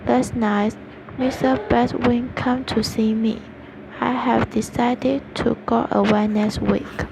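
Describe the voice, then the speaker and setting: Brief: woman reading a sad king giving up his crown; slow and careful, over loud background noise. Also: a little high, fairly even intonation, vocal fry. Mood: sorrowful. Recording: noisy recording with vehicle sounds.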